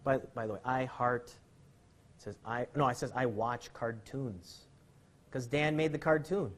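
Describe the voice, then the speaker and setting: A man's voice: mid-range voice, unhurried. Adult male magician lecturing in a loose, joking, self-mocking ramble. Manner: self-deprecating, jokey, often restarts sentences. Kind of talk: rambling comic storytelling and demonstration.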